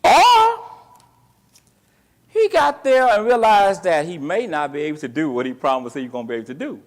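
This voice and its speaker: High-voiced animated man teaching scripture. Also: moderate pace. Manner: quizzes the class with call-and-response questions; colloquial and animated, acting out the story. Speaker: Bible class teacher. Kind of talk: teaching a Bible class.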